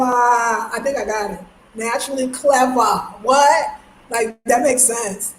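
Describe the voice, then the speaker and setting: A woman's voice: a little high, slow. Chatty New York woman livestreaming. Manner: chatty, animated, laughs often, slangy. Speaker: livestream host. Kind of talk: casual live chat reading comments. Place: home. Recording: echoey room, faint noise.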